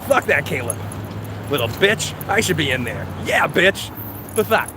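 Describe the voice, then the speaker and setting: A man's voice: fairly high pitch, sing-song, unhurried. A man putting on a brash, foul-mouthed guy with a Boston accent, ranting with swagger. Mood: cocky rant. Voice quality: swaggering, constant swearing, shouty. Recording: outdoor traffic noise.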